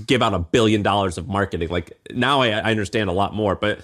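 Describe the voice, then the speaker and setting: A man co-hosting a podcast in casual business chat, animated and cussing, his voice jumping up when he tells a story. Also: on the low side, quick pace. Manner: animated, swears freely, voice jumps up when telling stories. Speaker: podcast co-host.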